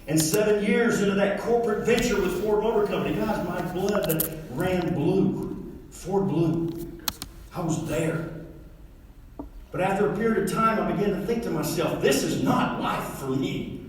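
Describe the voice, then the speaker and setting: A man's voice: high-pitched, moderate pace, slight background noise. A middle-aged man giving a motivational talk to a live audience, telling a folksy story and acting out the dialogue with his father. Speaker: motivational speaker. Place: large hall with an audience. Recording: echoey hall, mic far off.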